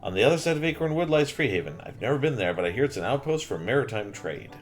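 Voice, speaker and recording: A man's voice: medium pitch, big pitch swings, quick pace, soft background music, voice pushed up, natural voice. A man reading the lines of a young princess travelling in disguise in a video game. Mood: conspiratorial. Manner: read aloud from game text.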